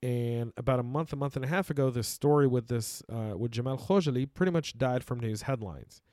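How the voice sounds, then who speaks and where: A man's voice: medium pitch, a little fast, mellow, dry recording. A man hosting a podcast in a studio, talking casually and emphatically with frequent restarts, a native Arabic speaker. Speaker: podcast host.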